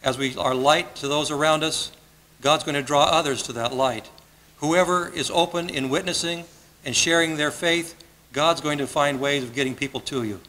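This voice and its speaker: A man's voice: on the high side, moderate pace, pushed and bright, rough recording. A man preaching a sermon as pastor, earnest and conversational, often repeating his phrases. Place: church sanctuary.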